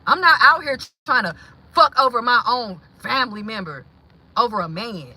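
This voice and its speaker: Woman livestream host, raw and profane venting, greets chat, high piercing voice. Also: normal speed, breathy edge, rough recording. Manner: blunt and profane, swings from heated to hushed; greets chat viewers mid-rant.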